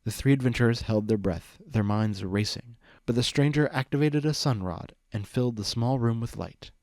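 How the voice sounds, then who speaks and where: A man narrates a fan fiction story in an even storytelling voice of middle pitch. The recording is close and dry, with no room sound. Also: normal speed, dry recording. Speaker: reader.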